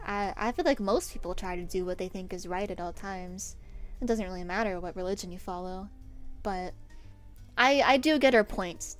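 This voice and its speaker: A woman's voice: mid-range voice, moderate pace, faint music behind. A young woman streaming from home, telling stories in a rambling, casual way, with restarts and lots of "like". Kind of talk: casual storytelling while painting her nails on stream.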